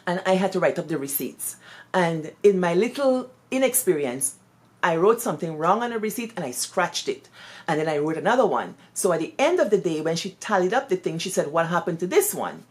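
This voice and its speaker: A woman with a Guyanese accent, a former teacher, telling personal stories in an expressive, lively way sprinkled with Creole phrases. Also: on the low side, brisk. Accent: Guyanese Creole-tinged English. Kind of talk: animated personal storytelling.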